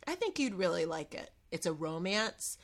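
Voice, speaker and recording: A woman's voice: on the low side, normal speed, crowd noise. A woman from the Midwest co-hosting a casual chat, sarcastic and playful. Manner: animated, sarcastic, playful impressions. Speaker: podcast co-host. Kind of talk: casual chat recapping a dating show.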